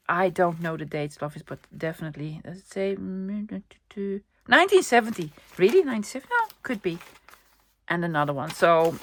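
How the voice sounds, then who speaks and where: A middle-aged woman, chatting excitedly to camera about her thrift finds and often dropping to a whisper. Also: mid-range voice, brisk. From Netherlands. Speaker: vlogger showing a thrift haul. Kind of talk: casual chat to camera.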